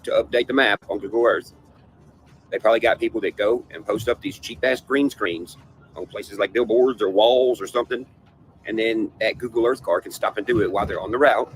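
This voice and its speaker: A man's voice: on the low side, low-quality recording. A man ranting in a casual livestream panel, profane and conspiratorial, with faint noise behind him. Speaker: panel guest.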